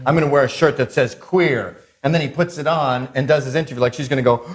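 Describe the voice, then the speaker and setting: A man's voice: mid-range voice, quick pace. A man telling anecdotes as a guest in a casual interview, acting out the people he quotes. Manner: animated storyteller, acts out quotes.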